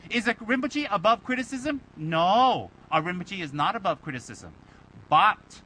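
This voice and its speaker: High, bright-voiced lama teasing his students. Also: moderate pace, a little hiss or hum, low-quality recording. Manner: animated and teasing, fires rhetorical questions and mimics critics. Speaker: Buddhist lama teaching students. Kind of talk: informal dharma talk to students.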